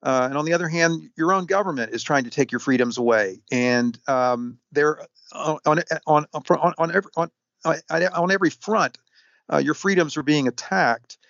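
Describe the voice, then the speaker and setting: A man answering interview questions at length, halting often with fillers and restarts. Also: fairly high pitch, vocal fry, fairly bright tone, no echo. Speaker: historian guest. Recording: dull, lo-fi sound.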